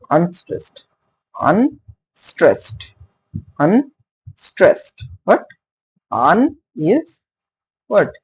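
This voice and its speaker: A male teacher, explaining poetry meter in a halting way, with many fillers and questions put to his listeners. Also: on the high side, vocal fry, a little mellow, low-quality recording. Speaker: literature teacher. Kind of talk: casual classroom-style explanation.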